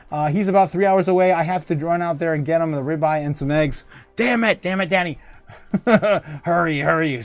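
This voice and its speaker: Man, livestream host, rambling, laughs a lot, somewhat high-pitched. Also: darkish tone. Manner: rambling and jokey, laughs often. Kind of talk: casual livestream chat reading out viewer comments.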